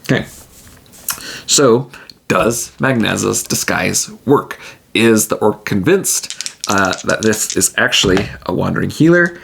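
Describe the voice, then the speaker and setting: A man's voice: fairly low pitch, animated, measured pace, vocal fry, a bit bright, slightly rough. A man narrating and playing a solo tabletop game in a rambling, easygoing way. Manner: rambling, laughing often.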